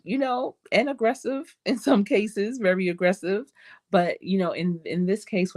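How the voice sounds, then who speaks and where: A woman's voice: low-pitched, a little mellow. A middle-aged woman, a career coach, hosting a casual advice podcast in a conversational, encouraging way. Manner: conversational and encouraging, with frequent "you know" and restarts.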